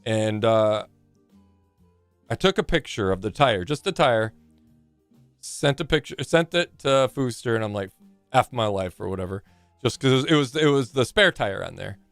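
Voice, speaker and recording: A man's voice: mid-range voice, animated, normal speed, smooth, no echo, faint music behind. A man in his forties chatting casually on a live game stream, rambling and joking with plenty of swearing.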